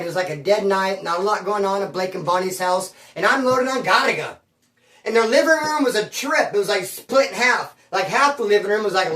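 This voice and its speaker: A man telling a story in a rambling, slangy, animated way, recorded in a room at his home. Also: sits high. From Bakersfield area. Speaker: storyteller on his own channel. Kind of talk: casual storytelling. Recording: roomy, mic at a distance.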